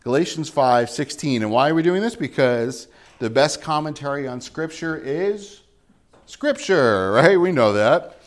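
A pastor with a slightly high voice delivers a morning sermon. He reads verses aloud and then unpacks them in plain, chatty language. He often turns to the congregation with direct questions. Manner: conversational preaching with questions to the congregation.

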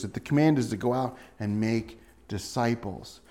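A middle-aged male pastor delivers a sermon in an easygoing, folksy style, at a medium pitch. He talks to the congregation like he's chatting with them, using rhetorical questions and everyday asides. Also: big pitch swings, moderate pace. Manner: conversational, folksy preaching with asides; hushed, earnest prayer.

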